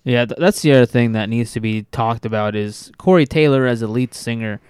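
A man with a smooth, clear voice of middle pitch, talking about music with enthusiasm. He often stops and restarts his phrases. The recording is dry. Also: fairly quick, darkish tone, no echo. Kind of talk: casual music discussion.

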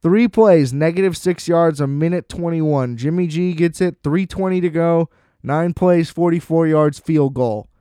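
A man's voice: fairly high pitch, measured pace, mellow, smooth, dry recording. Man, casual solo sports rant, profane and sarcastic, clean dry voice. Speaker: sports commentator.

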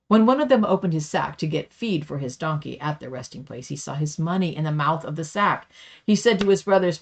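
A woman reading Bible passages aloud for a Bible study, steady with small slips. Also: sits low. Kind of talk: scripture reading.

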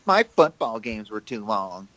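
A man's voice: lowish voice, sing-song, a little slow, heavy background noise. A man co-hosting a sports podcast, laid-back and rambling in casual chat. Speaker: podcast co-host.

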